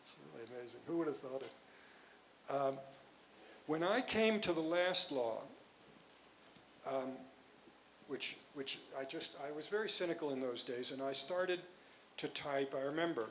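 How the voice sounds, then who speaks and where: An older man, a physician and author, answering audience questions at a conference in a rambling, halting way with many restarts. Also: a little high, animated, a bit bright, a little hiss or hum, rough recording. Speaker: guest speaker, physician and author.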